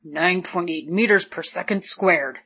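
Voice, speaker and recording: A matter-of-fact young man, a physicist in a storybook, answering plainly and honestly, as a woman narrator reads him. The voice is breathy and husky and sits on the low side. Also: measured pace, fairly bright tone. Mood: strained.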